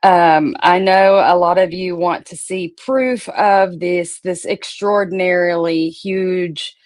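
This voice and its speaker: A woman talks on her own livestream in a casual, rambling way. Her voice sits a little low, and she greets viewers by name and swears without a second thought. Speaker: livestream host.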